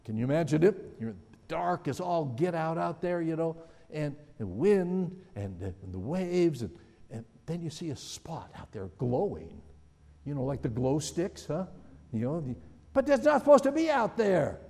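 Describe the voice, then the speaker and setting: A man preaches in an easy, conversational manner, often stopping to wonder aloud and put questions to his listeners. His voice sits a little high for a man and swings widely in pitch. The sound carries the long reverb of a large hall. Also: big pitch swings, normal speed, dark tone. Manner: conversational, musing, asks the audience questions. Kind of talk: sermon.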